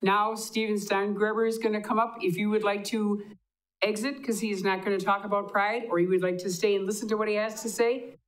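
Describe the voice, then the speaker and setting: A woman's voice: medium pitch, fairly even intonation, a little fast, slight background noise, low-quality recording. A woman chairing a city council meeting, calling up speakers and apologizing for mixing up names. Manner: apologetic, flustered over names.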